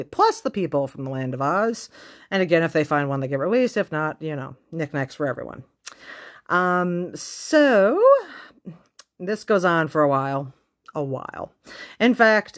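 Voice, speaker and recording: Chatty low-voiced woman retelling a book. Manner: chatty, laughing, many fillers. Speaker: book vlogger. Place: inside a car.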